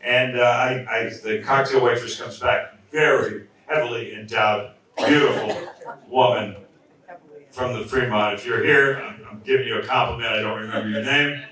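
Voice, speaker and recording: A man's voice: medium pitch, steady tone, normal speed, sharp tone. A man, a magician, telling a funny anecdote to an audience in a rambling, self-interrupting way. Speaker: magician telling a story at a memorial. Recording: echoey hall, far from mic, crowd.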